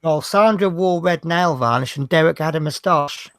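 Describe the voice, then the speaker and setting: A man's voice: a little high, normal speed, fairly bright tone, no echo. A man hosting a casual hobby show, rambling through jokes and banter. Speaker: host. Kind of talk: casual chat, telling jokes.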